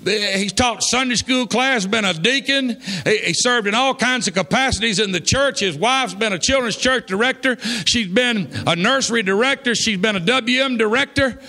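A man preaching, telling a folksy story that builds to shouts of praise. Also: very high-pitched, normal speed, few pauses. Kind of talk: sermon storytelling. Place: church.

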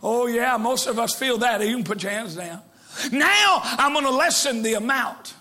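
A male evangelist preaching a sermon, breaking into shouts and dropping to hushed quotes, with joking asides to the congregation. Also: extremely high pitch, expressive, moderate pace.

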